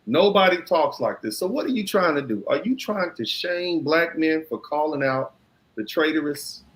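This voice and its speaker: A man's voice: a little high, lively intonation, moderate pace, fairly bright tone, poor audio. A man in a played clip giving argumentative commentary, combative and repeating himself as he builds his points.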